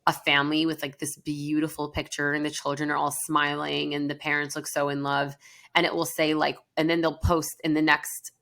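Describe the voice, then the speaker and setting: Low-pitched female counselor, earnest casual podcast chat. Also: little pitch movement, moderate pace, creaky, a bit bright. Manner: earnest, chatty, many fillers.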